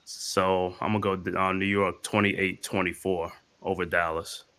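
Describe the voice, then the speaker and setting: A man hosting a casual sports podcast, laid-back and quick to laugh. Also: low-pitched, flat delivery, pushed and bright, clean tone.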